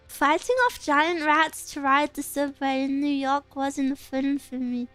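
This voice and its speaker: A high-pitched young woman streamer chats in an unhurried, giggly way, wandering through her stories with lots of laughs. Her voice is close and dry on a desk mic. Soft music plays faintly behind her. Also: dry recording. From England. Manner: giggly, rambling, animated storytelling. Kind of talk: casual chat reading viewer comments.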